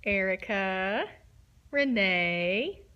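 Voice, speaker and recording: A woman's voice: medium pitch, lively intonation, very slow, clean tone, dull audio. A woman, a photographer hosting a casual livestream talk from her studio, bubbly, giggly and chatty. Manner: bubbly, giggly and chatty, self-described nervous.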